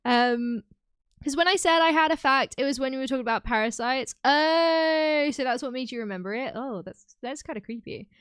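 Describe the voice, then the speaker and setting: A chatty young woman talking to her viewers on a stream, her voice on the higher side. She rambles in a loose, giggly way, full of little fillers. The sound is close and dry, with no room around it. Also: moderate pace, fairly bright tone, smooth, dry recording. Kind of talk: casual chat with live chat.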